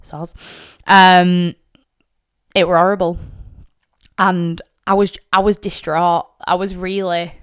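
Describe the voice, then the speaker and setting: A woman's voice: on the low side, level tone, slow, smooth. Blunt, sweary woman. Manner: blunt, sweary, tearful at times. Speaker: podcast host. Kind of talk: emotional personal storytelling.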